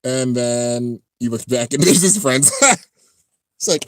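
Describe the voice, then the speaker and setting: A man hosting a casual live-stream reaction, talking excitedly and rambling as he comments on an episode. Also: mid-range voice, unhurried, no room sound, studio quality. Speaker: channel host reacting to an anime episode.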